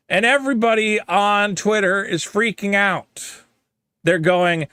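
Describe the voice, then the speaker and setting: A man co-hosting a podcast, delivering a profane, animated comedic rant and mimicking other people's reactions. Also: high-pitched, measured pace, clean tone, dry recording, studio quality. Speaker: podcast co-host.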